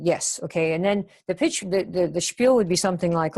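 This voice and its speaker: Woman, sales coach, live webinar, chatty coaching delivery, lowish pitch. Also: moderate pace, a little mellow. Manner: chatty, coaching, reacts to chat, acts out sample phone lines.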